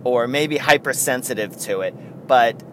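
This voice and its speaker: Male podcast host, casual solo talk, lots of restarts, faint rumble underneath. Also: measured pace, fairly bright tone. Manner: rambling, self-interrupting, chuckling.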